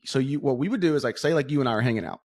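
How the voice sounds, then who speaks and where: A man's voice: medium pitch, very fast, no room sound. A man chatting on a podcast, swept up in his own stories and acting out the people in them. His voice sits in the middle range. The sound is dry and close, with no room around it. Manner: animated storyteller, acts out voices. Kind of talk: casual podcast chat.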